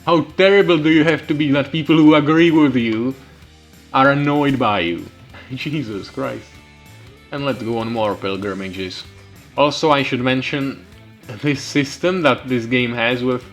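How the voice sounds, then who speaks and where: A man's voice: mid-range voice, a bit bright. A young man giving sarcastic, ranting commentary over a strategy game, swearing freely. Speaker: gaming channel host. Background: faint background music.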